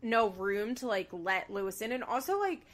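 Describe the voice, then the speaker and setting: A woman's voice: mid-range voice, very animated, normal speed. A woman co-hosting a casual chat, animatedly retelling scenes with lots of filler words. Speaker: podcast co-host recapping a reality show.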